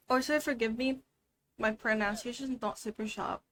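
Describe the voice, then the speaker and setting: A woman's voice: a little high, steady tone, normal speed, a bit bright, a little hiss or hum. A woman giving a playful, chatty language lesson while streaming a game. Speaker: VTuber language teacher.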